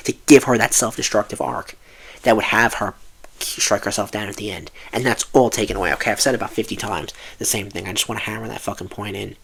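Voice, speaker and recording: A man's voice: lowish voice, a bit bright, slightly rough. A man giving a film review as a heated, profane rant, with frequent restarts and exasperated asides.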